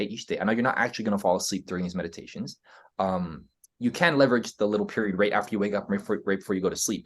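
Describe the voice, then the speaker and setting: A man with an American accent, a podcast guest explaining his ideas in casual interview talk, earnest, often checking in with "right?". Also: on the low side. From United States. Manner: earnest, explaining, frequent "right?" tags and restarts.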